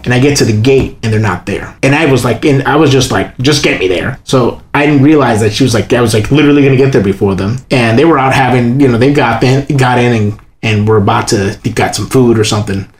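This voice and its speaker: A man telling a long personal story in casual chat, acting out the people he quotes by jumping to a much higher voice. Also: fast talker, few pauses. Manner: animated, acts out quoted voices in a high pitch. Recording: echoey room with faint ambience.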